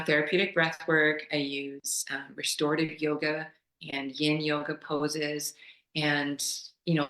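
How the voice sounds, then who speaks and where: Woman, yoga teacher, casual call. Animated, laughs a lot, bright forceful tone, roomy echo. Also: sits low. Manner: animated, laughs often, acts out quoted voices. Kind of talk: casual explanatory chat on a call.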